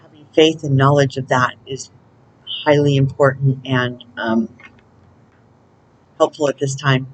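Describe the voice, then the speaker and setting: A woman's voice: a bass voice, fairly even intonation, a little slow, long pauses, rough recording. Chatty woman doing an oracle reading. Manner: chatty, laughs often, talks to angels aloud. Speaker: intuitive oracle card reader. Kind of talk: casual spiritual channeling and oracle reading.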